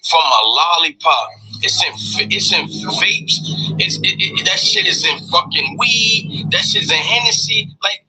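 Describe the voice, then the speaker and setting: A man retelling a news story in an excitable, profane way, acting out the people in it. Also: sits high, measured pace, heavy background noise. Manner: profane, excitable, acts out the dialogue. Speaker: storyteller in a clip.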